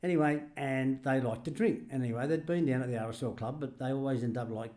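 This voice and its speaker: A man's voice: mid-range voice, fast, darkish tone. A man in his sixties with an Australian accent, a retired greenskeeper chatting and telling funny stories from his working life. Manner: chatty anecdotes, laughs while telling them. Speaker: podcast guest, retired greenskeeper. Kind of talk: casual storytelling chat.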